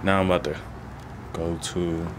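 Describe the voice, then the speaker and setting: A man's voice: low-pitched, flat delivery, moderate pace. A young college man, chatting casually and slangily through his day on a phone vlog. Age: young adult. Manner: laid-back, slangy, rambling. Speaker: college student vlogger. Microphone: handheld phone. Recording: echoey phone audio with loud background noise.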